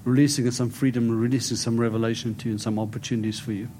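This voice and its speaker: A man preaching and praying over people in an animated, storytelling way. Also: mid-range voice, fast, slight background noise. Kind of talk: prophetic ministry preaching and prayer.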